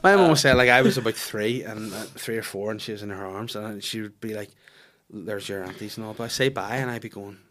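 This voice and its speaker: A man's voice: lowish voice, brisk, fairly bright tone, slight background noise. A man, hosting a podcast and telling sweary, casual family stories with his children's voices acted out. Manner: swearing storyteller who acts out his kids' voices. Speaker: podcast host. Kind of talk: casual chat.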